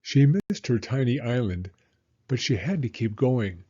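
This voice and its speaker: A man reading a children's picture book aloud in an expressive, animated storytelling manner. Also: mid-range voice, a little slow, highs cut off. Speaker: storybook reader.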